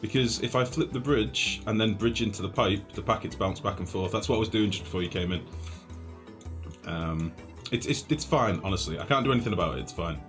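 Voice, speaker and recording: Self-mockery and flustered chatter to viewers fill this live-streamed gameplay commentary from a young man. His voice is lowish, slightly bright, and a little fast, and music sounds clearly behind him.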